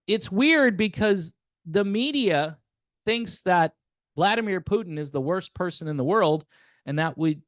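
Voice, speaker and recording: A man's voice: high voice, fairly bright tone, no room sound, clean studio sound. A man hosting a casual political commentary monologue, sarcastic and wry, chuckling and talking straight to his viewers. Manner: conversational, addresses viewers directly.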